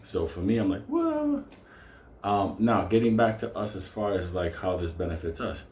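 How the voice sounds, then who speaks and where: A man's voice: low-pitched, steady tone, a little fast, a little mellow. A man hosting a stock market show, delivering a profane, fired-up unscripted rant and breaking into laughter. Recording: roomy echo with faint noise.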